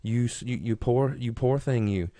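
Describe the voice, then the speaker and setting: A man voicing an old grandmother who explains kindly with gentle pity. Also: mid-range voice, normal speed, dry recording, lightly acted. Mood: fond. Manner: gently pitying.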